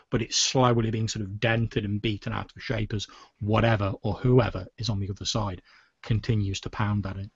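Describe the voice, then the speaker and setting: Man, game master, gravelly, husky, dry lo-fi sound. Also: on the low side, flat delivery, moderate pace, no room sound. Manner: descriptive, with frequent "sort of" hedges. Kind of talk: narrating a tabletop game.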